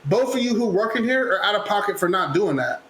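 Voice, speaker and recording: A man hosting a podcast, telling a story in a casual, animated, profane way and loudly acting out the people in it. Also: high-pitched, fast talker, a crowd in the background. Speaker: podcast host. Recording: echoey room with faint noise.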